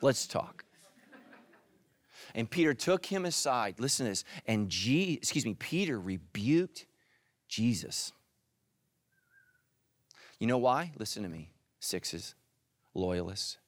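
A middle-aged male pastor preaching a sermon, animated, dropping into soft intense asides. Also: slow pace, pauses often, dry recording. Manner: animated, voices quoted characters with jumps in pitch.

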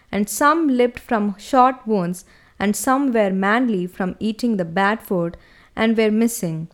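Female storybook narrator, halting and stumbling, higher pitch. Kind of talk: storybook reading.

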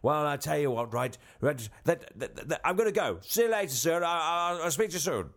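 A man's voice: on the high side, very animated, a little fast, a bit bright, a little hiss or hum. A man doing a bumbling prime minister. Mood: blustering. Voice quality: bumbling, rambling, full of filler. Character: blustering disgraced male prime minister, middle-aged. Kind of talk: comedy sketch phone call.

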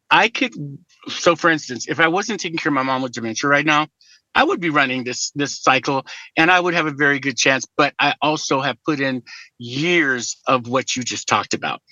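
A middle-aged man chatting as a podcast guest, an animated storyteller who jokes and laughs easily. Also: on the high side, dry recording, highs cut off. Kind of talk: casual conversation.

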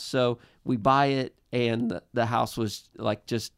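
Earnest male storyteller, thirties, low smooth voice with gravel, dry close sound. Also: steady tone, no room sound. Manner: earnest, halting with restarts. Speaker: guest. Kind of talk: personal storytelling in a podcast chat.

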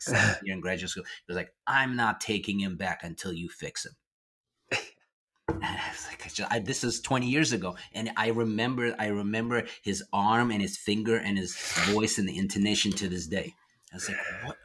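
A man in his forties, a therapist, casually recounting a work story in conversation, with animated, incredulous turns. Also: deep voice, breathy edge.

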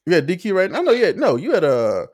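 A man's voice: high-pitched, fast talker, dry recording, studio quality. A man hosting a podcast in casual chat, crude and laughing as he tells stories. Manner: crude, laughing, animated storytelling. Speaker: podcast host.

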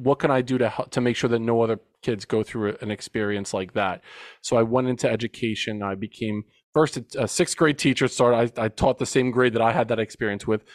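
With a mid-range voice and no room sound, a men's coach in his forties speaks as a podcast guest. He reflects earnestly on a personal story, emphatically retelling key parts.

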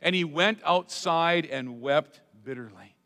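A male pastor preaching a sermon, dramatic, swinging between loud emphatic lines and hushed asides. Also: fairly high pitch, a little slow. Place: church sanctuary. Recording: long hall reverb.

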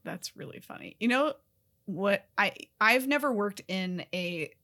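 Lively, bright young woman co-host. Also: medium pitch. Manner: expressive, quick to laugh, exclaims in disbelief. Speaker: podcast co-host. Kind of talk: casual chat.

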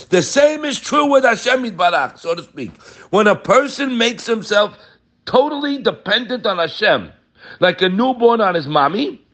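A man delivers a Torah lesson with real drive, his voice sitting a little high and swinging widely up and down. He keeps firing rhetorical questions at his listeners and calls them "my friends" again and again. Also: fairly bright tone. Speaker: rabbi giving a Torah class. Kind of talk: animated Torah talk.

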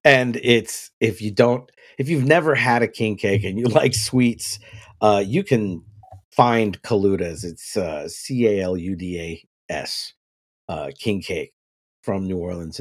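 A man's voice: fairly low pitch, slow pace. A married man on a podcast, chatting casually, telling a story with lots of swearing and breaking into laughter. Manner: animated storytelling, laughs often, swears freely. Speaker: podcast co-host. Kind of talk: casual chat.

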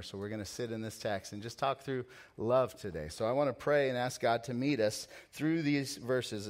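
A pastor delivering a sermon, animated and swinging between loud emphasis and hushed prayer. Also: male voice, mid-range voice.

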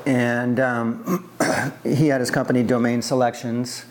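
Brief: man from the US East Coast, mid-pitched, rambling storyteller in an oral history interview. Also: flat delivery, a little slow, a little hiss or hum. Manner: rambling, conversational, many fillers and restarts.

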